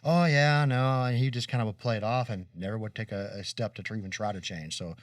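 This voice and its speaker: A man's voice: lowish voice, fast, no room sound. A middle-aged man from Kentucky co-hosting a casual chat, rambling and earnest with many restarts. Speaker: co-host. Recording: dry room, distant mic.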